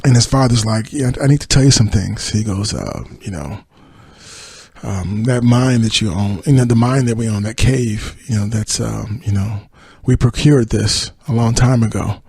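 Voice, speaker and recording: A man's voice: on the low side, normal speed, vocal fry, a little mellow, slightly rough, no echo. A male podcast host casually retelling a TV episode, rambling with many fillers and acted-out quotes.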